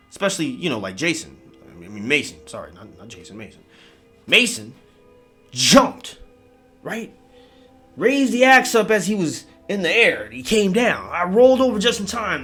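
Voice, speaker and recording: An animated man tells a horror story in a loose, cursing style, acting out each moment. His voice sits high and bright, and his pitch jumps around a lot. Faint music plays behind him. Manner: animated, swears constantly, acts out the scenes. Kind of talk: casual profane horror storytelling.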